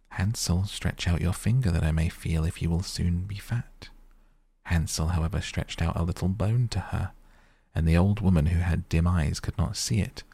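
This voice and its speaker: A man reading a fairy tale aloud in a soft bedtime storytelling voice, at times half-whispered. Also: no echo. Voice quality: gravelly, breathy low voice. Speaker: sleep podcast reader. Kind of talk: softly spoken bedtime storytelling.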